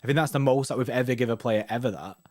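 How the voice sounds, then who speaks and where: A man's voice: medium pitch, racing, darkish tone. A man co-hosting a football fan show, chatting casually and rambling with slang and restarts. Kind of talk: casual chat reading viewer comments.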